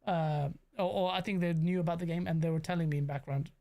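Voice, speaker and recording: A young British man with London slang, hosting a casual gaming reaction stream, animated and rambling as he banters with his chat. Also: a little high, fast. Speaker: gaming commentator host.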